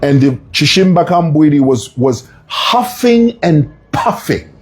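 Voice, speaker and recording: Male commentator, fairly high husky voice, emphatic storyteller with casual asides. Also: sing-song, measured pace, darkish tone. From Zambia. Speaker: political commentator.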